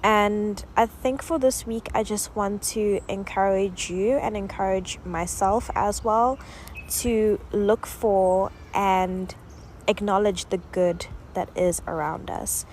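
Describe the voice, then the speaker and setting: A woman's voice: mid-range voice, a little slow, few pauses, slight background noise. A South African woman in her twenties hosting her podcast in a bubbly, chatty way, out of breath while lying on a yoga mat outdoors. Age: 20s. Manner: bubbly, affectionate, chatty with many fillers. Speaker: podcast host. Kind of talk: casual reflective chat.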